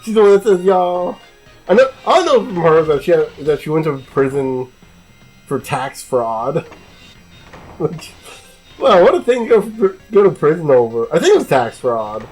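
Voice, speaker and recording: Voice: medium pitch, big pitch swings, measured pace, darkish tone, slightly rough, faint music behind, rough recording. A let's play commentator chatting casually and rambling through gameplay, self-mocking.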